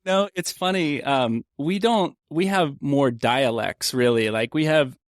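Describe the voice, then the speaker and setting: A friendly man from Cincinnati, talking easily as a podcast guest. His pitch is ordinary for a man. The recording is dry and close-miked. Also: measured pace, no echo. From Cincinnati, USA. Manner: friendly, laughs along. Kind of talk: casual podcast conversation.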